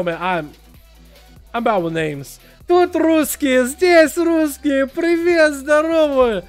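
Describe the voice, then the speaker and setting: Excitable high-voiced man streaming games. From Russia. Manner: excitable, swearing, drops quiet then bursts loud. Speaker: game streamer. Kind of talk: casual gaming livestream chat.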